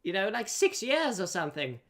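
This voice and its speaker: Guy doing a squeaky bouncy cartoony voice, swoops all over the place. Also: very animated, moderate pace, fairly bright tone, full character voice. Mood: chirpy.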